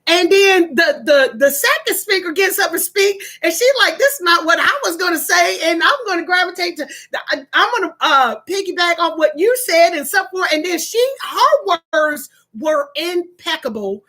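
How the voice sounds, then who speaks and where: A middle-aged woman vlogs casually about her day, telling personal stories in a very high, bright, forceful voice at normal speed with hardly any pauses. She is animated and emotional, tearful and laughing by turns, and often restarts her sentences.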